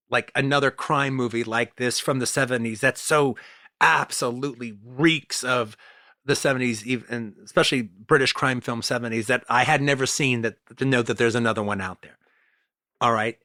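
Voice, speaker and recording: Bright-voiced man rambling about films. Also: mid-range voice, dry recording, studio quality. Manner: rambling, enthusiastic, many restarts and fillers. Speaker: podcast co-host. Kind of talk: casual film discussion.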